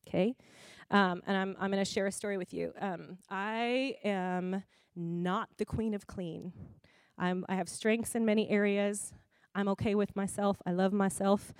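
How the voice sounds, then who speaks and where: A woman preaching a sermon in a conversational, expressive way, laughing often. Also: medium pitch, unhurried, clear, resonant tone, no room sound.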